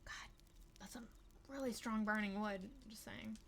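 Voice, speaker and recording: A woman's voice: mid-range voice, steady tone, unhurried, heavy background noise. A young adult woman livestreaming a horror game, giving casual, chatty gameplay commentary full of crude, self-mocking asides.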